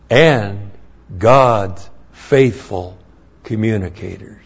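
A pastor with a fairly high, slightly mellow voice preaches slowly and animatedly through the Bible verse by verse. He is emphatic, repeating key phrases and spelling out Greek words, captured on a dull lo-fi sermon recording.

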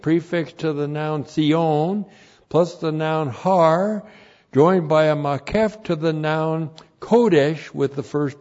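A man teaching a sermon as a pastor, working slowly through Hebrew words and spelling them out letter by letter, and growing emphatic at times. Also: on the high side. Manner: builds to emphatic, louder passages. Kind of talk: Bible teaching sermon with Hebrew word study. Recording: dull lo-fi sermon recording.

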